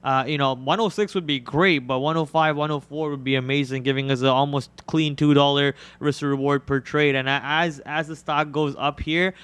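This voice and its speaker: A man's voice: on the high side, fairly even intonation, fairly bright tone, clean tone, dry recording. A young man born in India hosting a live trading stream, rattling off tickers and prices in a casual way. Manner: rapid ticker-and-price calls, casual filler words. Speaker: day trader and live stream host.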